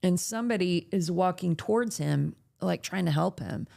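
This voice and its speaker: A woman's voice: fairly low pitch, moderate pace, creaky. A woman hosting a late-night chat, telling a story casually and acting out the voices of people she quotes. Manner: animated, acts out quoted voices. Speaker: podcast host.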